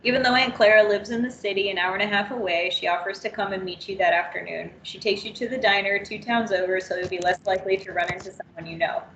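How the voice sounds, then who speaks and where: A woman trainer reading an interactive story aloud in the second person, steady and unhurried. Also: mid-range voice, echoey room, a little hiss or hum, rough recording.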